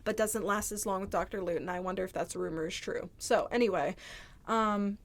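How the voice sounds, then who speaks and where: Woman, vlogger, casual storytime, candid, rambling, lots of filler words, mid pitch. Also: fairly even intonation, a little fast. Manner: candid, rambling, heavy use of "like". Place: indoors, seated at home.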